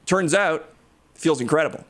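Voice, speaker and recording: A man's voice: a little high, a little fast, a bit bright, natural voice. A man voicing a brash, boastful reanimated superhero tech genius who brags crudely about himself. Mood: cocky. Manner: cocky, crude bragging. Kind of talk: improvised comedy impression.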